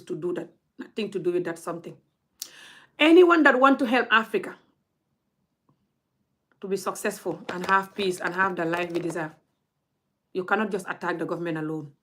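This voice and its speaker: A woman's voice: on the low side, fairly bright tone. A young woman, scolding her audience in a blunt, heated rant straight to camera. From Gambia. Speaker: vlogger.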